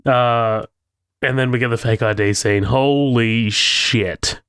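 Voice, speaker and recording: A man's voice: medium pitch, fairly even intonation, moderate pace, a bit bright, smooth, no room sound. A man recaps a comedy film's scenes with eager, profane enthusiasm and frequent laughter. His voice is close-miked and dry, with no room sound. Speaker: podcast co-host. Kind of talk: casual movie discussion.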